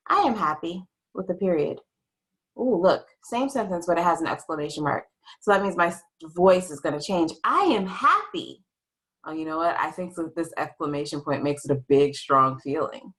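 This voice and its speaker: A young adult woman teaching a writing lesson to young children in a slow, expressive, sing-song teacher voice. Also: sits low, rough recording.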